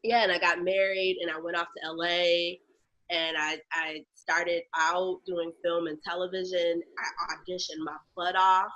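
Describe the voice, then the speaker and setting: A woman from Chicago telling stories as an interview guest, lively and acting out other people's lines. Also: on the low side, unhurried, dull audio. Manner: animated storyteller, acts out quoted voices. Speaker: guest, lactation educator and comedian. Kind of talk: casual interview chat.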